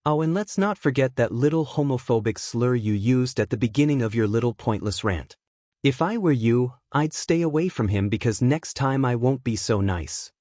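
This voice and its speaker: A man voicing a blunt, sarcastic teenage boy who flatly defends his boyfriend in a deadpan way. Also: medium pitch, normal speed, no room sound, clean studio sound, lightly acted. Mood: deadpan anger.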